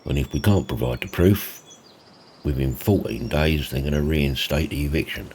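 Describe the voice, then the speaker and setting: A man's voice: very deep voice, normal speed, darkish tone, a little hiss or hum. A man, chatting in a casual farming roleplay, laid-back and saying mate a lot. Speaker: roleplay host. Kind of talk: casual roleplay narration and chat.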